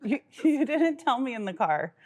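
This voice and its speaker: A woman's voice: sits high, sing-song, normal speed. A middle-aged woman co-hosting a podcast with her daughter, telling stories affectionately with frequent laughter. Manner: warm, laughing, affectionate storyteller. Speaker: podcast co-host, mother. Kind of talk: casual chat.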